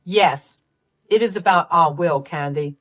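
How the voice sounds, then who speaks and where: A woman's voice: on the low side, measured pace, natural voice. A woman voicing a stern father who coldly scolds his daughter in a read-aloud story.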